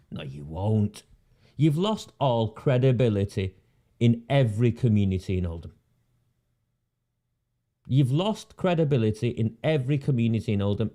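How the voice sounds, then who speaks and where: Here the same kind of sarcastic, indignant rant comes from a man with a mellow, medium-pitched voice. He's an independent political commentator in monologue mode, hammering his points by saying phrases again and again.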